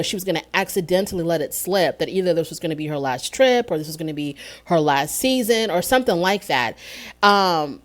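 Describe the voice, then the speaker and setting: A woman casually recapping a reality TV episode, telling it as a chatty, opinionated story. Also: on the low side.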